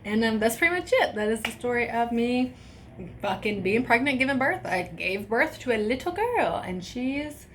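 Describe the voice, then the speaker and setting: A woman's voice: on the high side, normal speed, slight background noise. Young woman telling a story casually. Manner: animated, profane, laughing asides. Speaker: vlogger.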